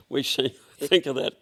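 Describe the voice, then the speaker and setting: A man's voice: medium pitch, a bit bright, slightly rough. An older Australian man with a workshop, telling rambling, blunt anecdotes full of fillers and restarts in a casual interview. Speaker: workshop owner, guest.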